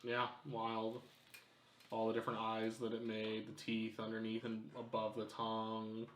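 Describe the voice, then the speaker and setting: A man co-hosting a casual unboxing chat, laid-back with quick reactions and jokes. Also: fairly low pitch, monotone. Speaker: co-host reviewing miniatures. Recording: echoey room with faint noise.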